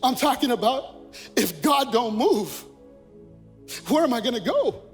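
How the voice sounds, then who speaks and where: A male pastor delivers a sermon in a strikingly high voice, driving his points home through repetition. He speaks in a church whose long reverb trails after each phrase, with faint music underneath. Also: big pitch swings, a little slow. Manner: preaching with rising intensity, repeating phrases. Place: church sanctuary.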